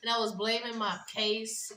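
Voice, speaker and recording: A woman vlogging casually, talking in a loose, rambling way with lots of fillers, mildly high and relaxed. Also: moderate pace, echoey room, far from the mic, rough recording. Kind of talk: casual vlog chat. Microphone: phone.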